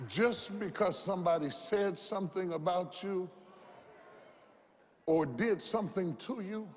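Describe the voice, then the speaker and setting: A pastor preaches a sermon in a high-pitched, unhurried voice with a little hiss or hum. He's impassioned and rhythmic, repeating lines and leading the crowd in call-and-response, with long hall reverb on the recording.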